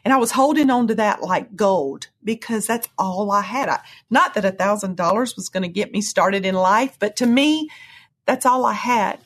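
Earnest breathy woman telling her testimony. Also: lively intonation, normal speed. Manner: earnest storytelling, swings to high cries when reliving moments. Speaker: guest sharing testimony. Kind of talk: emotional personal testimony.

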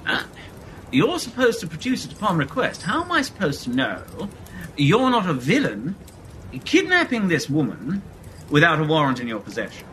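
Prim wordy hangman, voice swoops all over, kinda high. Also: huge pitch swings, moderate pace, a bit bright, slight background noise. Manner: prim, wordy, overly polite. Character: fussy, genteel male hangman.

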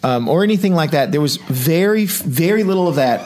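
A man's voice: a little high, lively intonation, brisk, darkish tone. A man hosting a podcast, telling a story in casual chat and acting out the quoted emails and replies. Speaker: podcast host.

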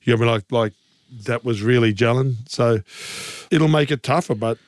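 A man's voice: medium pitch, moderate pace, dry recording, studio quality. An Australian man co-hosting a casual sports podcast, talking in a rambling, teasing way full of fillers. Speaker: co-host.

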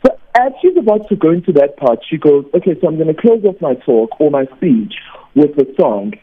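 A man, a teacher and radio host, calling in to tell an animated story and acting out the people in it. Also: a little high, a little fast. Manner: animated anecdote, acts out quoted voices. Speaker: teacher and weekend radio host, phone guest. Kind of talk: storytelling on a phone call. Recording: tinny phone line.

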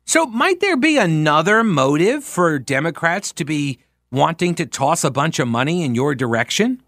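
A man's voice: a little high, big pitch swings, moderate pace, fairly bright tone, no echo. A man hosting a political talk radio show, ranting in a sarcastic, exasperated way. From United States. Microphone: studio microphone.

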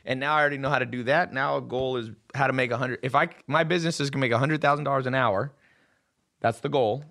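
A man's voice: medium pitch, steady tone, fast talker, fairly bright tone. A man hosting a podcast in casual chat, telling brash stories and swearing freely. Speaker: podcast host. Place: studio table with guests.

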